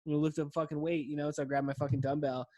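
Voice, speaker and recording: A man's voice: a little high, level tone, very fast, darkish tone, dry recording. A man in his thirties hosting a podcast, rambling casually while stoned, laid-back and profane, saying "dude" all the time. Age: 30s. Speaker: podcast host.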